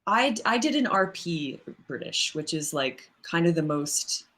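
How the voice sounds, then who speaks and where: A woman voice actor answering interview questions in a relaxed, thoughtful way, with many fillers and frequent laughs. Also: lowish voice, a little slow. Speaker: voice actress guest. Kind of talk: casual interview chat.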